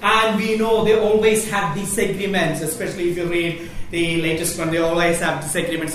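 A woman giving a Catholic faith workshop talk, animated and laughing often as she speaks. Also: on the low side, fairly quick, few pauses. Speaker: workshop presenter. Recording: echoey hall, voice from far off, faint noise.

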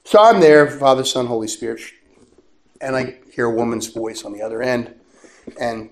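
A man, a priest, preaching by telling a story in a chatty, animated way with bursts of laughter. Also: mid-range voice, moderate pace. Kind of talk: storytelling sermon. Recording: echoey room with faint noise.

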